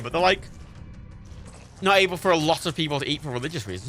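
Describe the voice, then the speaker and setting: A man chatting casually while streaming a video game, swearing freely and jumping high in pitch when indignant. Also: expressive, fast, long pauses, fairly bright tone, soft background music. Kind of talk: casual gaming stream chat.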